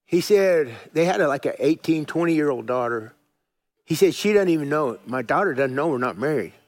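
A man's voice: a little high, animated, brisk. A middle-aged male pastor telling a story in a sermon, folksy and chatty, often restarting and chuckling at himself.

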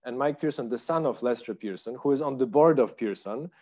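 A man's voice: medium pitch, brisk, dark tone. A middle-aged man from Poland with a Polish accent, telling stories as an interview guest, full of fillers and restarts. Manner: rambling, many fillers and restarts. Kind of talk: casual interview storytelling.

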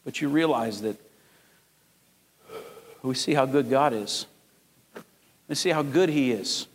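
A man in his fifties preaching a sermon as pastor, telling stories and rising to loud, emphatic peaks. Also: medium pitch, slow pace, slight background noise. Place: large church sanctuary. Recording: long hall reverb.

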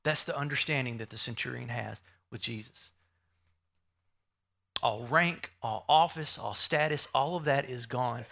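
A man's voice: medium pitch, a little slow, gravelly, pushed and bright. A man preaching a sermon, emphatic, repeating key phrases and asking the listeners rhetorical questions.

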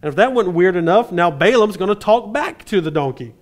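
A man preaching a sermon, retelling a scripture story in a conversational way with dry humor and quick asides. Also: sits high, expressive.

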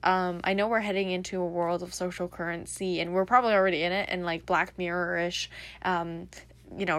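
A woman's voice: fairly low pitch, no echo. A young adult woman hosting a casual solo podcast, rambling and reflective with lots of fillers. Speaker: podcast host.

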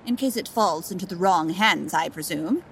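A woman's voice: lowish voice, animated, moderate pace, gravelly, a bit bright, slight background noise. A woman voicing a gracious, polite society lady in an audio drama. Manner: polite, genteel.

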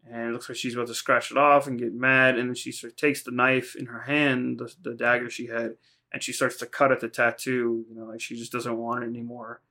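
A man's voice: medium pitch, little pitch movement, brisk, sharp tone. A man co-hosting a podcast, casually recapping anime episodes in a rambling, profane way, acting out lines in quoted voices. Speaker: podcast co-host.

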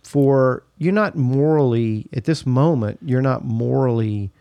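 A man in a casual conversation who explains ideas in a careful, measured way. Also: mid-range voice, vocal fry, no echo, muffled recording. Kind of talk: casual chat.

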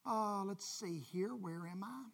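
Husky-voiced woman teaching a Bible class. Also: medium pitch, measured pace. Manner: earnest, confiding, speaks directly to the class. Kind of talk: informal Bible lesson with scripture reading.

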